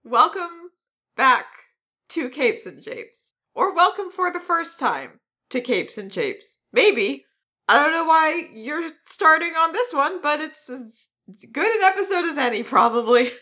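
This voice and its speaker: A woman's voice: high voice, sing-song, a little slow, bright, forceful tone. A woman co-hosting a podcast in casual chat, talking in a hesitant way with many ums and self-deprecating asides. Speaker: podcast co-host.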